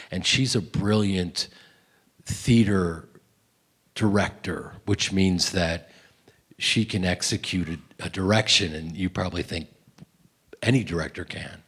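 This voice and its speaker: A man's voice: low-pitched, husky. A man, an actor, telling rambling, self-deprecating stories while answering audience questions at a film festival Q&A. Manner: rambling, animated, self-deprecating, many restarts. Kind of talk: festival Q&A storytelling.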